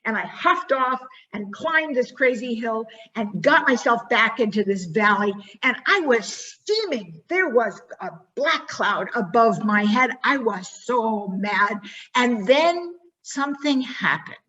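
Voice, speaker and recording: A woman giving a motivational talk, telling a personal story expressively and then guiding listeners through a slow reflection. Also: a little high, animated, sharp tone, lo-fi sound. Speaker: keynote speaker.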